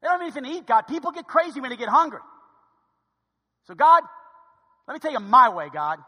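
A man's voice: very high voice, big pitch swings, fast, bright, forceful tone, pitched above the performer's own voice, exaggerated voice. A man voicing a panicky, grumbling male disciple who pleads with God, in an echoey church hall. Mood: frantic. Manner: frantic, complaining.

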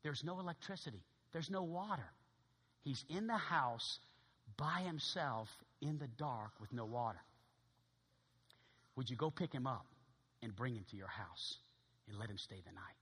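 A man doing a hushed, worried old grandmother. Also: mid-range voice, lively intonation, moderate pace, pauses often, slightly rough, big-room sound, voice pushed down. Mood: pleading. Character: worried older grandmother pleading for help.

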